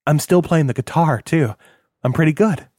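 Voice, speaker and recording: A man's voice: on the high side, moderate pace, a little mellow, no echo, pitched above the performer's own voice, lightly acted. A man voicing a grown son, earnest and a little sheepish, in a dry close recording. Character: grown man, former young rebel, emotional.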